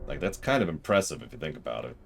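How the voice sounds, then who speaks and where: A man's voice: rumbling low, sing-song, fast, vocal fry, faint music behind. A man streaming a game, chatting in rambling asides about what he plays. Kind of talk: casual game commentary.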